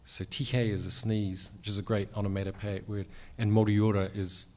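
A man's voice: lowish voice, little pitch movement, fairly quick, darkish tone. A man with a New Zealand accent, a cartoonist chatting on a convention panel in a wry, self-deprecating way with lots of fillers.

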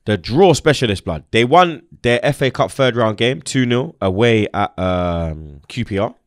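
A man's voice: mid-range voice, measured pace, no echo, clean studio sound. A young man hosting a heated, slangy football chat and making his points with emphasis. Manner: animated, emphatic, street slang. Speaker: football fan show host.

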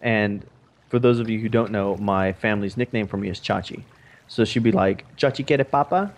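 A young man casually telling a family story on a vlog, animated and swearing often. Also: lowish voice, normal speed. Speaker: vlog co-host.

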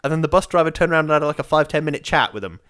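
Male co-host, playful film chatter, very animated pitch. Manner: playful, quick to laugh, poses rhetorical questions. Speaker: podcast co-host. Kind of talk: casual film chat.

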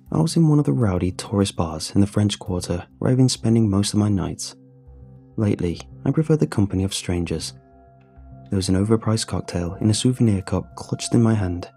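A man narrating a first-person horror story in a measured, even storytelling voice. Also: on the low side, gravelly, slightly rough.

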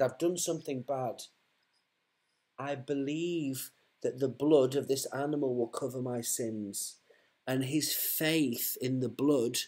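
A man's voice: medium pitch, darkish tone, breathy edge. A man, preaching fervently to one listener, often repeating himself and restarting his sentences.

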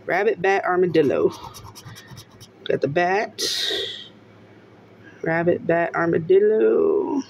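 Excitable woman scratching lottery tickets. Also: on the low side, slow, gravelly, long pauses, lo-fi sound, slight background noise. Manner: excitable, exclaiming and laughing often. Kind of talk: casual narration while scratching tickets.

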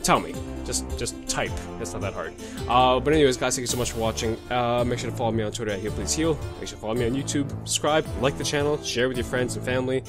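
A man's voice: mid-range voice, quick pace, music in the background. Crude joking gaming host, man. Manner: crude joking, mutters names and numbers while playing. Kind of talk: let's play commentary.

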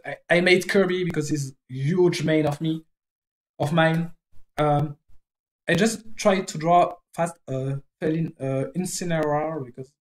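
French-accented streamer, casual drawing-stream chat, hesitant English, stops to find words. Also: medium pitch. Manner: halting, searching for English words.

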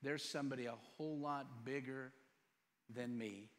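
A pastor in his fifties preaching a sermon, firing rhetorical questions and swinging between loud and soft. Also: mid-range voice, fairly even intonation, moderate pace. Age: 50s. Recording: long reverb in a church hall.

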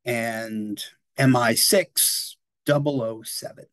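A man's voice: mid-range voice, fairly even intonation, takes it slowly, a bit bright, no echo. A man in his sixties giving a casual, rambling history talk at a library, often checking in with his listeners. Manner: chatty and digressive, often tags "right?" and "you know".

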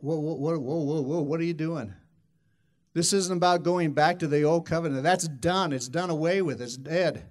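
Man preacher, somewhat high voice, emphatic and repetitive, restarts phrases, acts out quoted voices. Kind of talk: sermon.

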